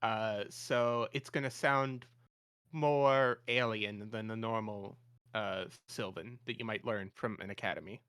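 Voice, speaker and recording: Smooth-voiced man playing a tabletop game. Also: on the low side, fairly even intonation, fairly bright tone, no room sound, clean studio sound. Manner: halting, heavy use of "uh". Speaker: player.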